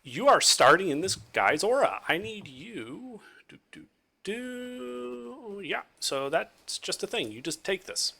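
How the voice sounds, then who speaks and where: A man's voice: fairly high pitch, big pitch swings, a little slow, hardly any pauses, sharp tone, husky. A man running a live tabletop game as game master, narrating the action and rules.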